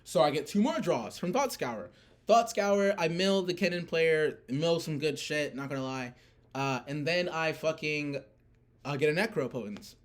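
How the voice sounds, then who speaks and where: A man's voice: on the high side, animated, normal speed. A young man ranting casually about a card tournament, rambling with lots of fillers and swearing. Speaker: player recounting a card tournament. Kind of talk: casual rant.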